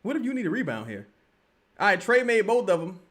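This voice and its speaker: Excitable New man yelling at the game. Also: high voice, a little fast. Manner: excitable, yells at the team, slangy trash talk. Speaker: livestream host. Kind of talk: live game watch-along commentary.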